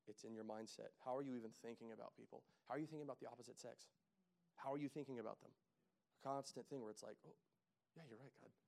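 A man in his thirties preaching a casual, joking sermon that rises into loud, emphatic calls to the congregation. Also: mid-range voice, steady tone, quick pace, gravelly. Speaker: pastor.

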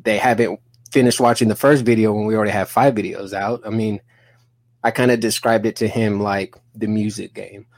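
A man in his thirties telling a story on a podcast, animated and profane, acting out both sides of an argument in quoted dialogue. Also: on the low side, brisk, no room sound. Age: 30s. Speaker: podcast guest.

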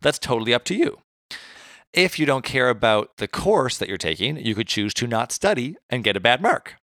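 Gravelly man explaining philosophy. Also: mid-range voice, moderate pace, no room sound, clean studio sound. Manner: animated, self-deprecating, stumbles over hard words. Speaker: podcast co-host. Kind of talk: casual explanatory chat.

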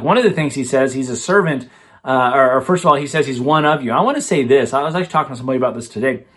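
Pastor preaching, conversational. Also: male voice, medium pitch, a bit bright. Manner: conversational preaching with frequent restarts and fillers. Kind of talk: sermon.

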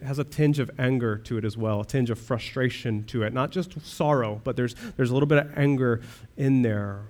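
A man's voice: medium pitch, a little mellow. A man pastor preaching a sermon, earnest, with rhetorical questions and rising swells of emphasis.

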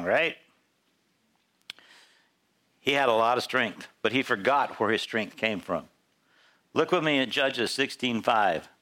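A male pastor preaching a sermon in church, telling Bible stories in an animated way and acting out the characters' voices. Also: mid-range voice.

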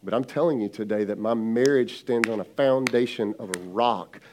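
A man in his thirties, a lead pastor giving an energetic, direct sermon to his congregation. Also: lowish voice, moderate pace, noisy background.

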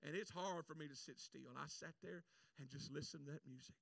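A bright, high-pitched preacher with a gravelly edge to his voice, delivering a lively sermon. He tells a personal story and breaks into shouted prayers. The voice sounds dry and set back from the mic. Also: fairly quick, no room sound, recorded from a distance. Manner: animated, shouts acted prayers.

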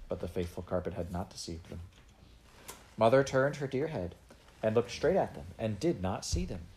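A man reading a children's novel aloud in an unhurried, gently expressive way. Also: lowish voice, slight background noise. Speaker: audiobook reader.

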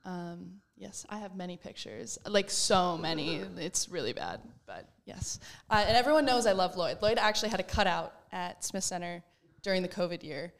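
A woman's voice: lowish voice, expressive, normal speed, a little hiss or hum. A young woman from Minnesota, a college basketball player, chatting in an interview in a bubbly way and laughing often. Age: young adult. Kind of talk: casual interview.

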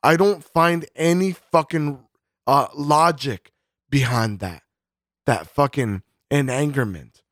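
A man's voice: mid-range voice, takes it slowly, fairly bright tone, no echo, clean studio sound. A man co-hosting a podcast in casual chat, swearing constantly and rambling with fillers and restarts. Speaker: podcast co-host.

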